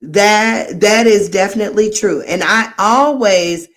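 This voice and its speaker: Slow-talking woman livestream host. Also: mid-range voice. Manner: chatty, warm-hearted, meandering storyteller. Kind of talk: casual livestream chat.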